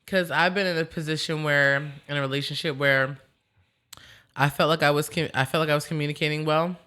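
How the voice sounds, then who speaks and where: Animated, bright-voiced woman podcast host. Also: sits low, clear, resonant tone. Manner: animated and rambling, quick to laugh. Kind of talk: casual chat.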